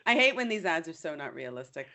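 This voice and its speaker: A woman's voice: low-pitched, big pitch swings, fast, sharp tone. A woman hosting a casual chat, playful and teasing with her guest. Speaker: host. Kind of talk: casual conversation.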